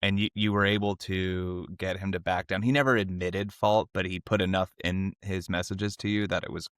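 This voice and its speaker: A man's voice: moderate pace, smooth, dry recording, studio quality. A man co-hosting a podcast, telling a story in casual chat, laughing often and acting out others' lines. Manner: animated storyteller, acts out quotes in high voices, laughs often. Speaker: podcast co-host.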